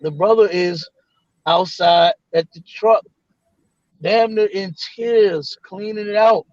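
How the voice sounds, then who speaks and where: A high-voiced man spins a casual story, slipping into other people's voices and cursing as he goes. The sound is dry and close, with a slightly muffled, lo-fi edge. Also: slow pace, no echo. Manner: animated, quotes others in voices, swears freely. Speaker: guest.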